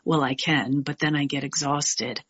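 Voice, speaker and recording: A middle-aged woman from New York giving a candid, animated personal share at a recovery meeting, with frank asides. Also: low voice, unhurried, breathy edge, highs cut off.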